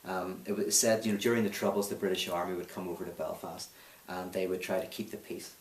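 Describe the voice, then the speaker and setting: A man's voice: low-pitched, little pitch movement, quick pace. A Northern Irish man being interviewed, telling a story and making a challenging, emphatic case. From Northern Ireland. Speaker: speaker and author, interview guest. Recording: roomy, distant mic.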